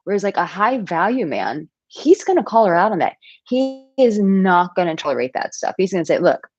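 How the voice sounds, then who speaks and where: A woman in her thirties, a dating coach, talking casually to camera with animated storytelling and playful asides. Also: medium pitch, brisk, highs cut off, over music. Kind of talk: casual advice talk to camera.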